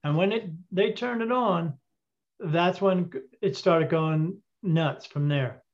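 A man telling a story as an interview guest, animated and acting out the dialogue, with frequent fillers. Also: high voice, takes it slowly. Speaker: interview guest, intuitive reader. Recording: dull lo-fi audio.

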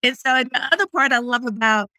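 A woman's voice: high-pitched, brisk, sharp tone, dry recording. A woman hosting a faith podcast, responding with encouraging, faith-centered affirmations. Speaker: podcast host.

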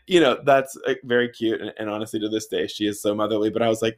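A man in his thirties telling a casual, animated story, swearing freely and saying "like" a lot. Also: on the low side, fast talker, hardly any pauses. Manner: animated, profane, filler-heavy with frequent "like".

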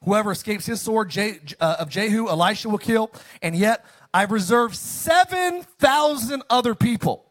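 High-voiced animated preacher. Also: male voice, normal speed. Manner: animated preaching, swings from loud to hushed; asks the congregation to answer back. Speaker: pastor. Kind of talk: sermon.

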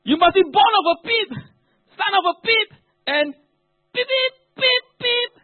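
A man acting out a loud, insulting man who hurls bleeped abuse in a mocking, repetitive shout. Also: extremely high pitch, lively intonation, a little slow, faint music behind, voice pushed up. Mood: abusive. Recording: narrow phone-like, dry.

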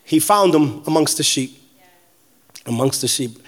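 Man, pastor, high-pitched voice, lively joking sermon, shouted declarations, from New York. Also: measured pace. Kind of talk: energetic sermon.

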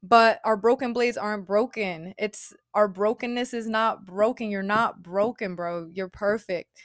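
A woman's voice: medium pitch, steady tone, measured pace, dry recording, studio quality. A woman giving a casual, chatty spiritual talk, retelling a parable in an informal way. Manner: chatty, informal, frequent "like" and "bro". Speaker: spiritual speaker.

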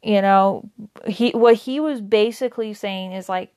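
A woman's voice: fairly high pitch, moderate pace, a little mellow. Chatty woman teaching a Bible study. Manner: conversational, many fillers and self-corrections. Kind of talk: casual Bible study talk.

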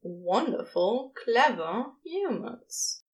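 A woman voicing an excitable male demon who talks in an eager, casual drawl. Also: medium pitch, slow, lightly acted. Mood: excited. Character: brash excitable male demon, young-sounding.

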